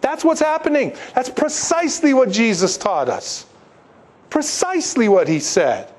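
A man preaching a sermon with a notably high voice. He presses his points with rhetorical questions and breaks off into animated asides. He sounds a little congested. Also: measured pace. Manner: emphatic, rhetorical questions to the congregation. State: congested, needing tissues. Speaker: pastor.

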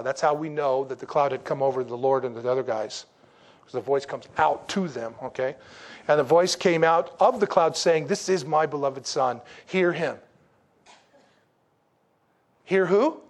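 Man, pastor, sermon, slightly high voice, folksy, rhetorical questions, emphatic. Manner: conversational, rising to emphatic slow declarations.

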